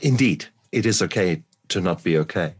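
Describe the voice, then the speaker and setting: A man hosting a podcast interview, a doctor speaking in a calm, reflective way. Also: deep voice, normal speed, breathy edge. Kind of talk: conversational interview.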